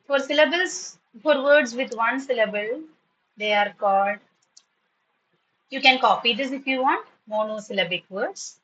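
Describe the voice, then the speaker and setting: A woman teaching an online English class, patiently spelling words and repeating them slowly. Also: on the high side, a bit bright, lo-fi sound.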